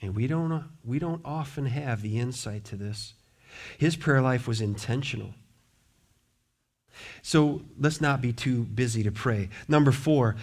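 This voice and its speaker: Earnest preaching man, slightly high voice. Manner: earnest, building emphasis through repeated questions. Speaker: pastor. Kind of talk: sermon. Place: church.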